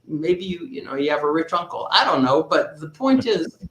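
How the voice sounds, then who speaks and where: A man's voice: on the high side, big pitch swings, moderate pace, background noise. Storytelling man advisor, roomy echo. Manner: anecdotal, replays dialogue in his story. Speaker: business advisor. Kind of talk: storytelling in a podcast conversation.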